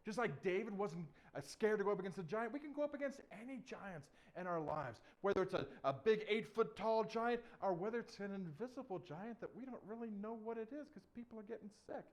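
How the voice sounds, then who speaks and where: A young man telling a bible story to children in a playful, animated way, full of sound effects. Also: high-pitched, a little fast, few pauses. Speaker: children's ministry leader.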